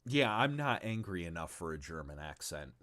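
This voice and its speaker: Deep-voiced man rambling on a livestream. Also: very animated, moderate pace, fairly bright tone. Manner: rambling and profane, with stumbles and asides to chat. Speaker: game designer presenting his tabletop game on stream. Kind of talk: casual livestream chat.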